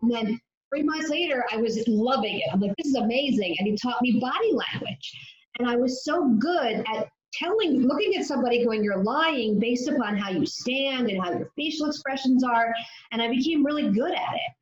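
A woman's voice: high voice, lively intonation, moderate pace. Woman clinician telling her story in an interview, acts out all the dialogue, echoey and kinda dull. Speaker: addiction clinician and author, guest.

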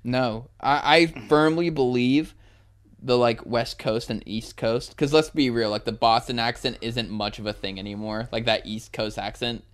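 A man's voice: mid-range voice, fairly even intonation, moderate pace, clear, resonant tone. A young American man co-hosting a casual podcast, laid-back, laughing often and swearing casually. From United States. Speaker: podcast co-host. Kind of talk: casual chat.

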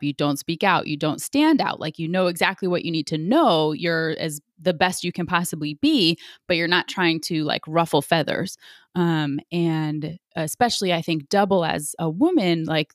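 A woman's voice: lowish voice, no echo, studio quality. A woman in her forties, a sports medicine physician, speaks candidly as an interview guest, telling stories with lots of fillers. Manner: candid, animated, frequent fillers.

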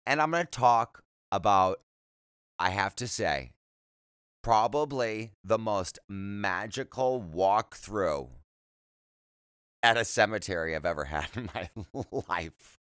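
A man's voice: lowish voice, lively intonation, slow, pauses often, a bit bright, smooth, dry recording. A man hosting a solo podcast, rambling in a chatty, self-deprecating way with jokey asides, speaking close to the mic. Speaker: podcast host.

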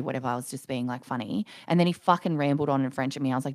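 A woman co-hosting a casual chat podcast, telling stories in a blunt, profane, animated way. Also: rumbling low, rapid-fire, hardly any pauses, dry recording, studio quality. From Australia. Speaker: podcast co-host.

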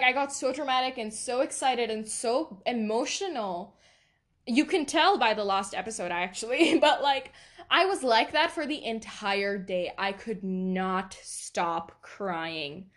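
Animated young woman podcaster, laughing often. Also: a little high. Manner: animated, emotional, laughs often, many fillers. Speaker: podcast host. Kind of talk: casual solo podcast chat.

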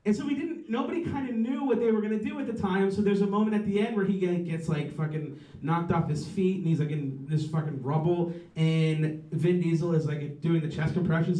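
A man's voice: on the high side, brisk, dark tone. A man in his thirties doing stand-up, rambling and profane, often trailing off and restarting, mocking himself. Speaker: stand-up comedian. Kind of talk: stand-up set. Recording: roomy, mic heard from a distance.

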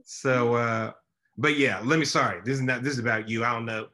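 A man from Maryland hosting a casual interview, animated and rambling, often laughing. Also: mid-range voice, a little fast. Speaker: podcast host.

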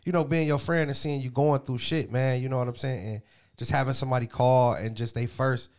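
A man's voice: medium pitch, steady tone, brisk, darkish tone. A man co-hosting a casual podcast, talking earnestly and profanely about growing up as a man. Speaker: podcast co-host. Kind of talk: casual chat. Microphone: studio mic.

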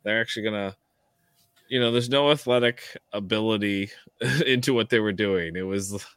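A man co-hosting a casual reality-TV chat. He talks in an animated way and laughs often. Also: lowish voice, moderate pace, clean tone, no echo. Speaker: podcast co-host.

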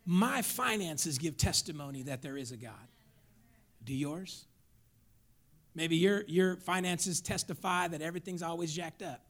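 A male pastor preaches with a high, lively voice that climbs and dips across a wide range. His tone carries a gravelly edge. He moves from hushed asides to shouted lines and chats familiarly with the congregation. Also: normal speed. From Mexican heritage, raised in the US. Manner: folksy, conversational with the congregation. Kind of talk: sermon.

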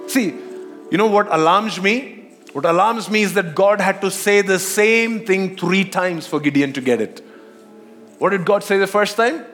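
Guy preaching a sermon, kinda high voice, lots of "right?" and questions to the crowd, big echoey hall. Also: normal speed, fairly bright tone, faint music behind. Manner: rhetorical questions, checks in with listeners. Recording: long hall reverb.

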